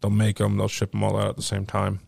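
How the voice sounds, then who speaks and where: A man hosting a home podcast, telling an animated, profane story in casual chat and acting out the voices of the people he quotes. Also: lowish voice, fast talker, vocal fry, no room sound. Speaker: podcast host.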